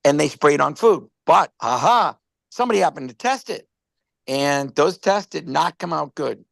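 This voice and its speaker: A man's voice: on the high side, animated, moderate pace, creaky, a bit bright, no room sound. A man casually presenting a product on a live stream, rambling through stories and stumbling over repeated words.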